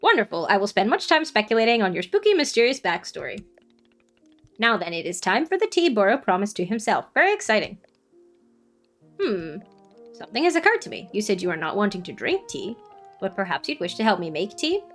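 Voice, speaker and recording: A woman voicing a gentle, formal giant male tea-shop keeper in a game, with stiffly polite phrasing. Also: medium pitch, big pitch swings, fairly quick, faint music behind. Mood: curious.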